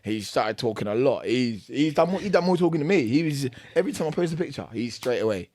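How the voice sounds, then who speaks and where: A man's voice: mid-range voice, expressive, quick pace, a little mellow. A young British man, a boxer, telling a backstage story on a podcast in casual slang, acting out both sides of the argument and laughing as he goes.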